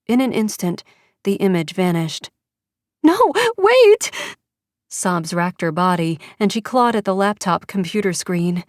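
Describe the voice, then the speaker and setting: A woman narrating an audiobook in measured, even storytelling. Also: fairly low pitch, no room sound, clean studio sound. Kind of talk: scripted narration.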